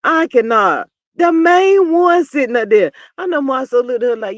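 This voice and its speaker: A woman hosting a live stream, reading viewer comments and talking back in a sassy, animated way, swinging from low mutters to loud outbursts. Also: normal speed, no echo, clean studio sound. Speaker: reality TV commentary host.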